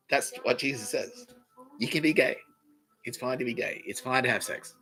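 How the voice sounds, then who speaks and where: Crude, bright-voiced Australian man. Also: mid-range voice, low-quality recording. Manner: crude, swearing, giggly. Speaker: podcast host. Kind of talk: rambling comedic monologue.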